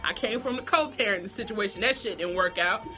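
A woman vlogger delivering an animated, profane comedic gossip rant straight to her viewers. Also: medium pitch, a little fast, soft background music.

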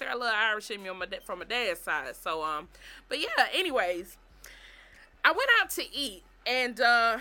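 Brash woman with a high, bright voice. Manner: brash, profane, animated. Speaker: vlogger. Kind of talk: casual storytelling monologue.

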